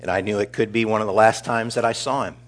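Deep-voiced man giving a eulogy. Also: fairly even intonation. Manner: earnest, measured, warmly storytelling. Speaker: pastor. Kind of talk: funeral eulogy.

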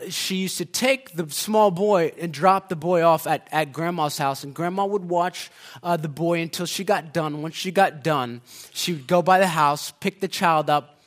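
A man preaching a sermon, telling a story with many fillers and restarts, then rising into loud, impassioned preaching. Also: on the high side.

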